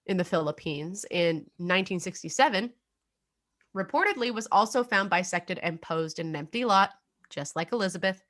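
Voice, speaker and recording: Young woman rambling thru a true crime story on a podcast, lots of uh and um, lowish voice. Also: lively intonation, normal speed, fairly bright tone. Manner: chatty, laughs often, many fillers. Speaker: podcast co-host.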